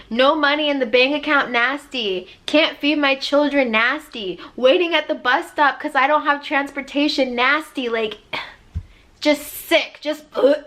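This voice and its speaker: Woman life coach, high and bright, preaching motivation in a chatty, emphatic way. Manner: emphatic and preachy, acting out God's voice with loud high swoops; repetitive, conversational, with frequent "like". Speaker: life coach and podcast host. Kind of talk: motivational spiritual talk.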